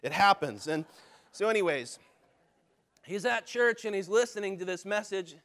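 A man preaching a sermon as a pastor, swinging from loud, driving lines to hushed ones and acting out the voices of people in his stories. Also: high voice, animated, moderate pace. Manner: acts out quoted voices in his telling.

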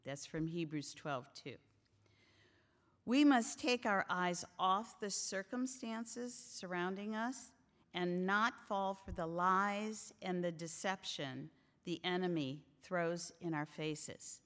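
A woman leads a women's Bible study with earnest, emphatic teaching. Her voice sits a bit low and moves at an unhurried pace. The sound rings out with a long hall reverb. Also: a bit bright.

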